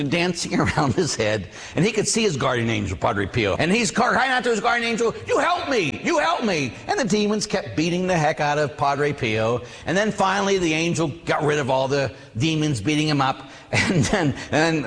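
A man from Pennsylvania preaching in a church, his voice lively and swinging up and down as he tells his stories. His pitch sits a touch higher than most men's. A long reverb trails each phrase in the hall. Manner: animated storytelling, rising high when excited. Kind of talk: sermon.

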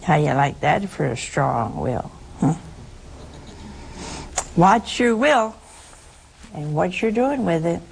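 An older woman speaks to her listeners in a gravelly voice, moving between faith teaching and comic stories from her own life. She acts out the people in her stories and laughs along with them. A faint hiss sits under the recording. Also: lowish voice, slow, long pauses. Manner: animated storyteller, acts out quotes with laughter. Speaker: religious speaker addressing listeners. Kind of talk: storytelling religious talk.

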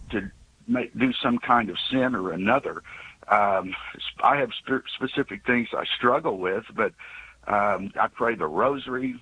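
Older man calling in, halting. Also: on the low side, bright, forceful tone, breathy edge, rough recording. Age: 60s. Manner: hesitant, many restarts and fillers. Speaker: radio caller. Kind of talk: call-in storytelling. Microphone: phone call.

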